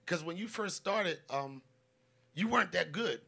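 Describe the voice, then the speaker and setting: Male comic host, bright ringing tone, slightly high, loose and profane, acts out every quote. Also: a little slow, vocal fry, husky. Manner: animated, profane, interrupts himself, acts out quotes. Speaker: podcast host and comedian. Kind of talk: casual live podcast chat. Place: live audience show.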